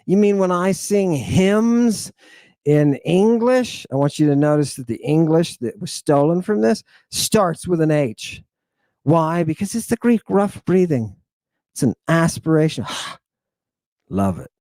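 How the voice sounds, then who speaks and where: A man giving an animated, playful language lesson, slowly repeating words for his students to drill. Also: on the high side, no room sound. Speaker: teacher.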